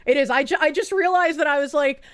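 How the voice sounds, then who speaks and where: A woman's voice: high voice, quick pace, a bit bright. A woman with a Boston accent, chatting casually and profanely on a livestream as she thanks viewers, often laughing. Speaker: livestreamer reading chat. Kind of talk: casual stream chat.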